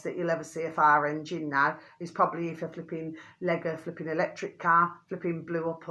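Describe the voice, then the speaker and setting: A woman hosts a rambling vlog, talking straight to her viewers. She heaps endearments on them, swears mildly, and her voice rises sharply when she gets worked up. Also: a bit bright. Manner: rambling, keeps calling viewers "my delicious little babies"; mild euphemistic swearing, pitch climbs when indignant. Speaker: channel host.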